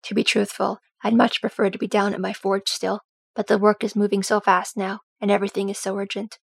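A woman's voice: mid-range voice, level tone, a little fast, creaky, breathy edge, no room sound. A woman voicing a practical dwarf queen who works as a smith, with a dry, wry manner in a storybook reading.

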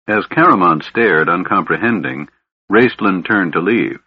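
Brief: male audiobook narrator, low husky voice, somber and measured, muffled lo-fi sound. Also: expressive, dry recording. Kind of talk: scripted narration. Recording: dull lo-fi audiobook recording.

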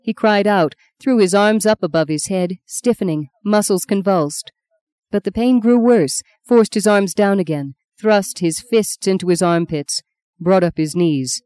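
A woman narrating a novel in a measured, solemn storytelling manner. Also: medium pitch, dark tone, dry recording. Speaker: audiobook narrator. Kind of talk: scripted literary narration.

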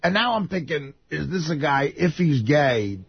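Radio regular, male, lively storyteller, voice swings all over, muffled broadcast sound. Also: a little high, moderate pace, gravelly, husky. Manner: animated, acts out quotes, laughs through story, swears. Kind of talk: casual storytelling.

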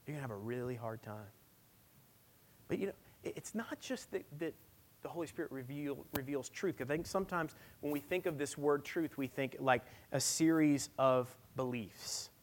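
A man's voice: mid-range voice, lively intonation, normal speed, slight background noise. Conversational man preaching a sermon. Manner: conversational, emphatic preaching with personal stories. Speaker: pastor.

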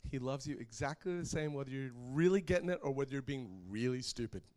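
Preaching a sermon, a middle-aged man with a mid-range voice tells a personal story at a fast pace. He's animated and laughs often.

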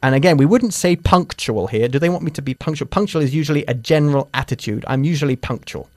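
A man's voice: fairly high pitch, fast, darkish tone, no echo, clean studio sound. A man teaching English grammar, correcting and drilling pronunciation in a lesson.

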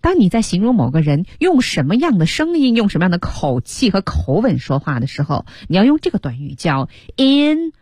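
Husky, lively woman radio teacher. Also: mid-range voice, no room sound, studio quality. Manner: lively, drawn-out explanations. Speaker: radio English lesson host. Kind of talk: bilingual teaching commentary. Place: radio studio.

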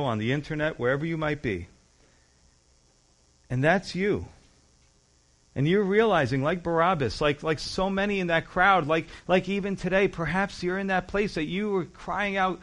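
Man preaching with rising and falling force. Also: moderate pace. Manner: swings between loud emphasis and quiet, low asides; acts out quoted voices in his retelling. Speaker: pastor. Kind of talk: sermon.

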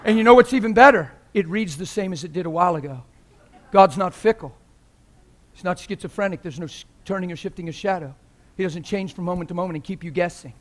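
A man with a high-pitched voice and a quick pace preaches as a visiting speaker at a church. He mixes passion with humor, often laughs during the sermon, and swings between quiet and loud moments.

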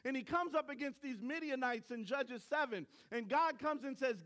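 High-pitched male pastor, lively storytelling sermon delivery. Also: normal speed, few pauses. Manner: storytelling, animated, acts out voices.

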